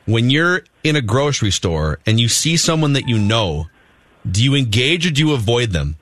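A man's voice: mid-range voice, big pitch swings, normal speed, a bit bright. A man co-hosting a radio show who asks questions and adds short, friendly remarks. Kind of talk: casual chat.

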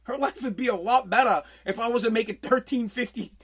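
Brief: forties New guy, radio regular, blunt profane rant, swings loud. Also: very high-pitched, fairly quick, slightly rough. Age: 40s. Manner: profane, blunt, loud bursts when riled. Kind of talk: casual rant.

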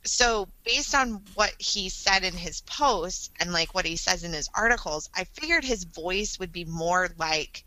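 A woman's voice: lowish voice, lively intonation, unhurried, few pauses, pushed and bright, rough recording. A woman co-hosting a podcast, telling stories in a chatty, amused way. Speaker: podcast co-host. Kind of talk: casual podcast chat.

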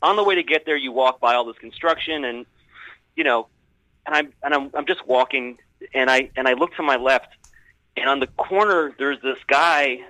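Bright-voiced man rambling through a story. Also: medium pitch, moderate pace, no echo, rough recording. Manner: rambling, hesitant storytelling with many fillers. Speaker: guest storyteller. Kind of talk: casual chat.

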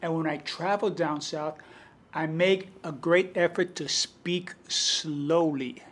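Speaking slowly in a husky, high-leaning voice, a Bronx-accented poet appearing as an interview guest recounts stories in a lively, anecdotal, conversational way.

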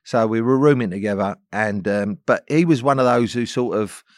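A man, a podcast guest telling anecdotes in a chatty, chuckling way that sinks into low asides. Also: normal speed, darkish tone, no echo, studio quality. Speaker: podcast guest, former footballer. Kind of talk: casual storytelling chat.

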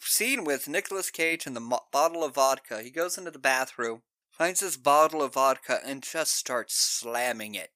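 A man's voice: mid-range voice, normal speed, dry recording. A man co-hosting a podcast, retelling movie scenes in a casual, laughing way. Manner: animated, laughing storyteller. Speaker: podcast co-host. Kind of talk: casual film discussion.

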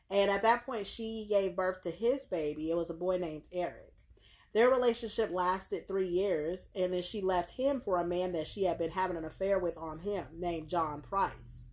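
Woman on a true crime podcast, laid back storyteller, lots of um and yeah. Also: lowish voice. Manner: relaxed storytelling with frequent fillers and agreeing yeahs. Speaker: podcast co-host narrating a true crime case. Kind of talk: casual podcast chat.

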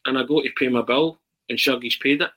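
A man tells anecdotes in a lively, tumbling way, circling back and restarting his sentences. His voice is husky and pushes forward with a bright, forceful edge. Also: medium pitch, brisk, poor audio. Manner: animated storyteller, frequent restarts. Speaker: guest. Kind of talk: casual chat.

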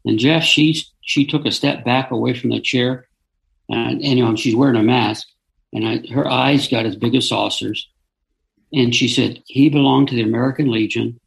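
A middle-aged man, an interview guest, telling a personal story in an earnest, halting way with frequent restarts. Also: mid-range voice, fairly even intonation, vocal fry, poor audio.

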